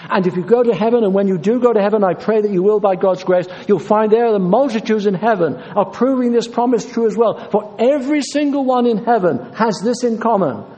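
Earnest preacher in a hall. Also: male voice, high voice, fairly quick, hardly any pauses, warm tone, highs cut off. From Yorkshire, England. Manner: earnest, insistent, repeating phrases for emphasis. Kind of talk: sermon. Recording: long reverb of a large hall.

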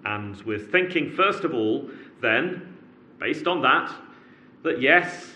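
Male preacher, earnest sermon delivery with repeated words for emphasis, bright tone. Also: a little high, expressive, takes it slowly.

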